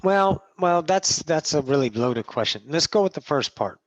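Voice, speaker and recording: A trans woman channeling spiritual teachings in a meeting, blunt and profane, swinging from low murmurs to loud outbursts. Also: lively intonation, normal speed, no room sound. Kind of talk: channeling session talk. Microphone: video call. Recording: dull, dry video call audio.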